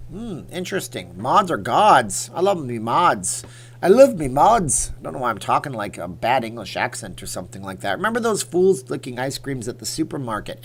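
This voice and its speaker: A man hosting a casual livestream, chatting in a rambling, opinionated way while answering viewer comments. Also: mid-range voice. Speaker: livestream host.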